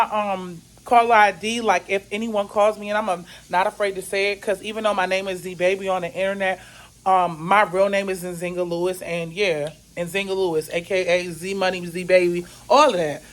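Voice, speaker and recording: A woman's voice: medium pitch, rough recording. A woman vlogger telling a story at home in her kitchen while she cooks, venting with indignation and plenty of slang. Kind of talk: casual storytime vlog while cooking.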